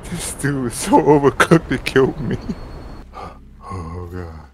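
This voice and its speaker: A man joking and reacting loudly while playing a co-op game, with faint music behind. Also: medium pitch, very animated, takes it slowly, slight background noise. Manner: joking, frantic outbursts. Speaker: co-op gamer. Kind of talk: let's play commentary. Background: faint background music.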